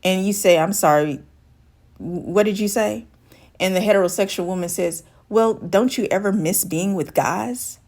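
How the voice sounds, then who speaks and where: A woman's voice: mid-range voice, moderate pace, a little mellow. A woman life coach giving advice straight to camera, talking through an everyday scenario and voicing the people in it. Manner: acts out dialogue, shifting voice for quoted women. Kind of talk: direct-to-camera advice talk.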